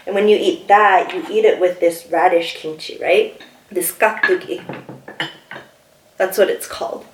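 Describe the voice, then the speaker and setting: A bubbly, excitable young woman hosting a casual mukbang, chatting about her food and laughing often. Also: fairly low pitch, moderate pace, slight background noise. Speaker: mukbang host. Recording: echoey room, mic somewhat distant.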